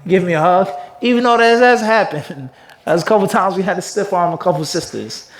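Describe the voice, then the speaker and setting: A man teaching a religious hadith class as a mufti, his voice pitched notably high. He keeps the room involved with call-and-response questions and moves through Arabic passages at a brisk clip. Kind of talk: religious lecture.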